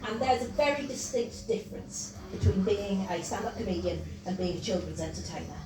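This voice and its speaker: A woman doing a stand-up comedy set in a pub, chatty and self-mocking, with quick asides. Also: medium pitch, animated, a crowd in the background. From Wales. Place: pub comedy gig with a live audience. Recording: roomy live mic from a distance, audience laughter.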